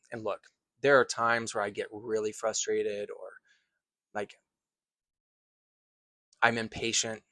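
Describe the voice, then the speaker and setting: A man who teaches acting tells a personal story in an earnest, thoughtful way, pausing and restarting phrases as he goes. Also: on the low side, sharp tone, dry recording.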